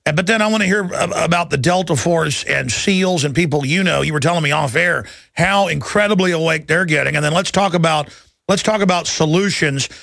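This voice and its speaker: A man's voice: a little high, fairly quick, gravelly, fairly bright tone, dry recording. A man hosting a talk radio show, urgent and restless, piling up restarts as he pushes from one point to the next.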